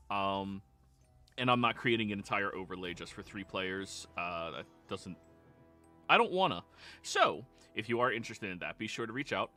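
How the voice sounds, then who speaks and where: A man's voice: medium pitch, pushed and bright. A man hosting a tabletop game stream, giving upbeat, playful channel announcements before play. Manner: upbeat, playful promo patter. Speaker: game master and stream host.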